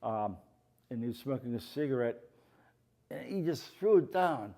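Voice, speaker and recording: Animated and warm at a normal speed and medium pitch, an older Pittsburgh-area man speaks to an audience in an art gallery as the featured artist. He spins meandering anecdotes laced with "you know," performing the voices of the people he quotes.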